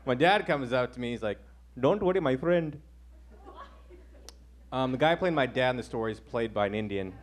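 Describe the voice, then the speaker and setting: A man's voice: medium pitch, fast, few pauses, slight background noise. A man in his twenties doing a stand-up set, talking casually and filling his lines with "like" and "you know.". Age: 20s. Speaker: stand-up comedian. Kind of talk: stand-up routine.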